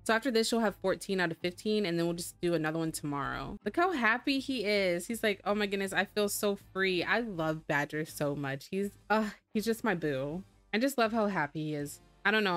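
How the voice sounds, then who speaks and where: A woman's voice: on the low side, no echo. A woman giving casual let's-play commentary, chatty and rambling as she narrates her own moves in the game. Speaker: gamer.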